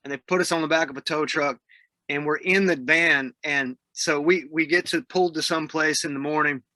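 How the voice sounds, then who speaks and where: A Southern US musician, guesting on a casual interview, spins laid-back stories and laughs mid-sentence. His voice sits on the high side with fairly even intonation, normal speed and a sharp tone, and there's no echo.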